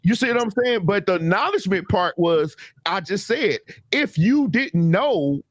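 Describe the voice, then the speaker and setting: A man's voice: high-pitched, animated, moderate pace, no room sound. A man hosting a casual talk show, arguing his point emphatically and backing it with everyday examples. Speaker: podcast host. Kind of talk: casual debate.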